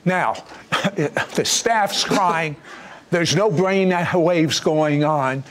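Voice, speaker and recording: A man's voice: a little high, very slow, fairly bright tone. A man hosting a talk show, interviewing a guest and recapping the story for viewers.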